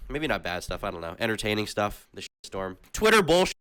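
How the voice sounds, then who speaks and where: Young male commentary creator, quick and ironic, lowish voice. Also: very animated, bright, forceful tone, clear, resonant tone. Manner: sarcastic, ironic rants. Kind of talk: casual commentary monologue.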